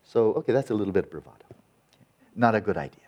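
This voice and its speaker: A man teaching Buddhist meditation in a dharma talk, lively and wry, with a sarcastic edge and frequent restarts. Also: on the low side, fast talker, muffled recording.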